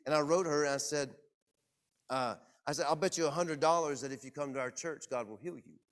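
Animated pastor telling a story. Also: male voice, on the high side, a little fast. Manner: animated, self-deprecating storyteller. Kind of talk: sermon storytelling. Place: church.

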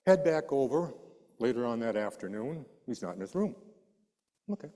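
A man preaching a sermon, telling a personal story with animated delivery and acting out the voices of the people in it. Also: mid-range voice, normal speed, in a large hall.

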